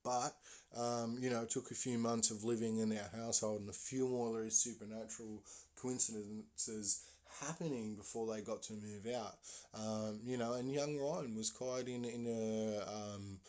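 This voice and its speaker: A man's voice: lowish voice, fairly even intonation, normal speed, darkish tone. A man hosting a podcast, telling a story in a loose, rambling way with fillers and sound words. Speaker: podcast host. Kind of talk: casual spoken storytelling.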